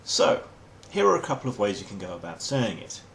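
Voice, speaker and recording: Wry English man with low voice. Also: big pitch swings, fairly quick, gravelly, fairly bright tone, a little hiss or hum. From England. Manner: dry, wry and mock-formal. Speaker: host. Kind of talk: comic explainer monologue.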